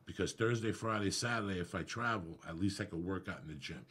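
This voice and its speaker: A middle-aged man, a comedian guest, telling a profane, animated story in casual podcast chat. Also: low voice, fast talker. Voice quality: gravelly, husky.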